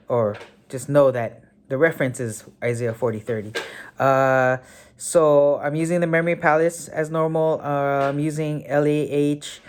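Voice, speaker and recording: Give me a low-voiced woman explaining a memory trick. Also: a little mellow, a little hiss or hum. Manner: thinks aloud, many fillers, self-correcting. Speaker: memory technique tutor. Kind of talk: casual spoken tutorial.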